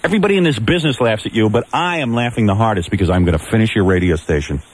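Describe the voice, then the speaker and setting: A man's voice: on the low side, expressive, very fast, husky. A man in his thirties hosting morning radio, ranting and taunting a rival with brash, mocking insults. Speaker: radio host.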